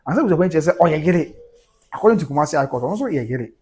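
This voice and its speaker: A man's voice: on the high side, animated, very fast, a little mellow, slightly rough. A Ghanaian man hosting a livestream, reading out viewer comments and reacting to them in a mix of Twi and English.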